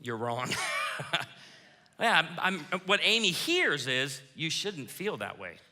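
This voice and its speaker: A man preaching a sermon as pastor, lively, acting out quoted lines as he goes. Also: on the high side, slow. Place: church auditorium. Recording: reverberant church hall.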